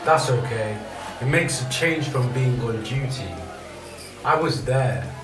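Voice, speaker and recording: A man's voice: mid-range voice, lively intonation, slow. A man playing a plain-spoken Roman soldier. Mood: matter-of-fact. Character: Roman soldier, matter-of-fact male eyewitness. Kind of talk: stage play dialogue. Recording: distant echoey room with faint music.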